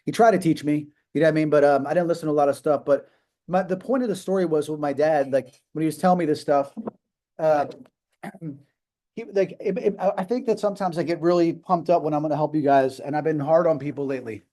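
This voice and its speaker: A man in his fifties hosts a live video call and talks off the cuff, emphatic and rambling, full of restarts and fillers. His voice sits a little high but sounds dark and mellow. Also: fast talker. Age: 50s. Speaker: host of a live business call. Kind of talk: casual motivational talk.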